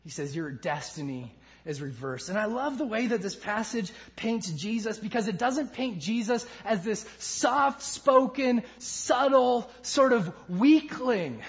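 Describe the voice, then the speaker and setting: A man preaching a sermon with passion, swinging from loud emphasis to hushed lines. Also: sits high, muffled recording. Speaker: pastor.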